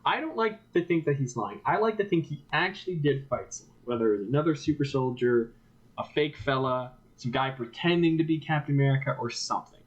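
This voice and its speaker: A man's voice: on the high side, lively intonation, brisk. A man co-hosting a podcast, chatting casually about a film and acting out characters in quoted voices. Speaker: podcast co-host. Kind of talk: casual film review chat. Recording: dull lo-fi podcast audio.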